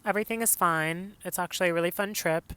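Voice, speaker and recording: A man's voice: high-pitched, fast, sharp tone, clean tone. A young man from Los Angeles telling a personal story on his podcast, casual and full of "like" and "you know". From Los Angeles, California. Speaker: podcast host.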